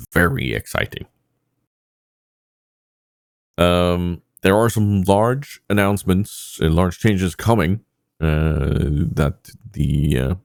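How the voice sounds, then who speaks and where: A man's voice: sits low, vocal fry, darkish tone, no room sound, clean studio sound. A man hosting a casual podcast, rambling with many fillers and poking fun at himself. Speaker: podcast host.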